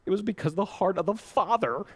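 A man preaching a sermon as pastor, passionate, swinging between loud pleading and hushed intensity. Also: high voice, fairly quick, breathy edge, in a large hall.

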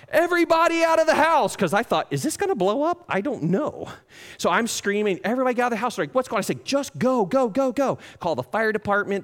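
Man preaching in a reverberant hall. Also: on the high side. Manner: animated storytelling with dramatic quoted voices. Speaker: pastor. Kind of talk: sermon.

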